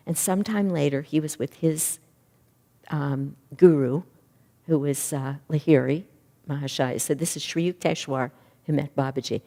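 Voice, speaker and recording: A middle-aged woman giving a spiritual class talk as a minister and teacher. She speaks in an earnest, reflective way and grows lively when she retells stories. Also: deep voice. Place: class room or hall. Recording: long reverb of a hall.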